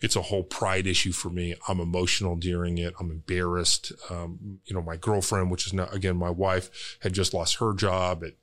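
A man's voice: low-pitched, level tone, moderate pace, few pauses, a bit bright. A man, a real estate entrepreneur, candidly telling a personal story as a podcast guest, emotional and casually swearing.

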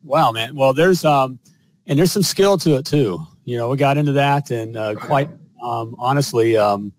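A male show host and business coach talks emphatically, often tagging lines with "all right?" and "you know," in host conversation and a spoken sponsor pitch. His mid-range voice moves at a moderate pace on a dry recording.

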